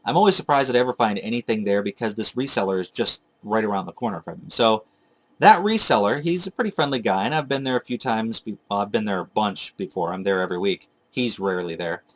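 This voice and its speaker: A man's voice: lowish voice, lively intonation, quick pace. A man telling a long, digressive story about hunting for old video games, chatting casually to his viewers and correcting himself as he goes. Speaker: retro game collector vlogger. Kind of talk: casual rambling storytelling to camera.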